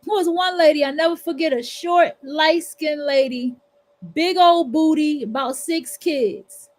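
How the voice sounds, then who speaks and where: A woman talks straight at her listeners in a loose livestream monologue. Her voice sits high, and her delivery is blunt, profane and preachy. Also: unhurried, darkish tone. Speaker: livestream host. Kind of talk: casual monologue.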